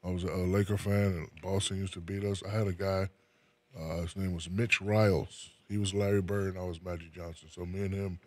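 A man's voice: low voice, little pitch movement, a little fast, a little mellow, no echo. A man from New Jersey, a retired basketball player being interviewed, speaking in a laid-back way and often repeating words as he starts a sentence. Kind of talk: casual interview chat.

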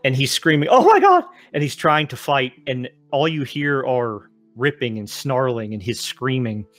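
A man narrating a tabletop game as game master, with dramatic descriptions and filler pauses. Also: medium pitch, steady tone, a bit bright, soft background music.

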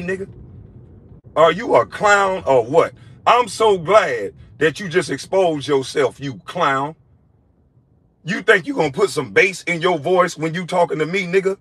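Ex-player in a clip: furious profane man, bright raspy voice. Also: a little high. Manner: insulting, mocking, profane. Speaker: former basketball player.

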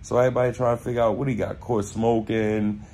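A young man with a Baltimore accent telling a casual story, animated and profane, acting out quotes in street slang. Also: medium pitch, fast, a little hiss or hum. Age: young adult.

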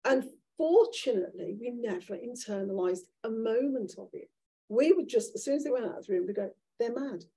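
A woman in her sixties with a Birmingham accent, a guest author telling candid, animated stories in an onstage conversation before an audience. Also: fairly high pitch, a little fast, vocal fry. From Birmingham, England. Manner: animated, candid storytelling with restarts. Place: event room with an audience.

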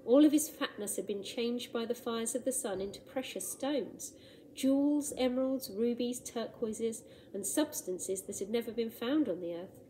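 Gentle, mellow woman teacher reading a story. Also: on the high side, normal speed, slight background noise, rough recording. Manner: gentle, expressive, asides about the pictures. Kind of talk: reading a storybook aloud to children.

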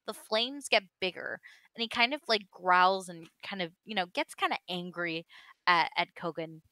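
A woman running a tabletop game as game master, narrating with many pauses and small laughs. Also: lowish voice, bright, forceful tone, no echo.

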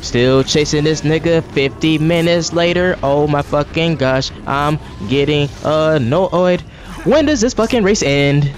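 A man's voice: a little high, measured pace, soft background music. A man giving profane, exasperated running commentary while playing a video game. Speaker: gaming streamer. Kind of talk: live gameplay commentary.

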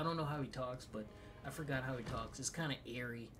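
A woman's voice: extremely low pitch, fairly quick, recorded from a distance, soft background music. A woman streaming a video game, chatting casually in a rambling, jokey way. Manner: rambling, jokey, trails off and laughs. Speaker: gaming streamer. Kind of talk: casual chat while gaming.

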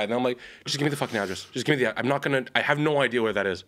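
A man's voice: mid-range voice, very fast, fairly bright tone. A young man telling a long story in a casual podcast chat, rambling and correcting himself. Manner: rambling, self-correcting, laughs often. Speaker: podcast co-host.

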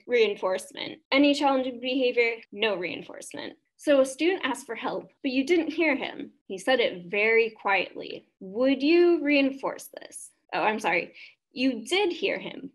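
A woman presenting a webinar on behaviour therapy, explaining steps and quizzing her audience. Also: on the high side. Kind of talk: webinar lecture.

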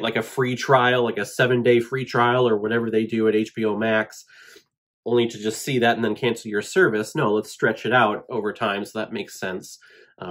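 Gushing husky-voiced man reacting to a trailer. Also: lowish voice. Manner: excitable, gushing, emotional. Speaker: movie reaction host. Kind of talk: casual reaction commentary. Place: home room with shelf behind.

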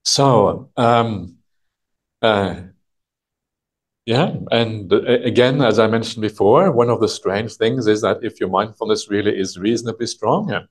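A man teaching a retreat group as a monk, explaining a text patiently in a halting way full of "uh" and "yeah". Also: on the low side. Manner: halting, thinks aloud, many "uh" and "yeah" fillers. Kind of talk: unhurried dharma talk explaining a text. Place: retreat session with a live audience.

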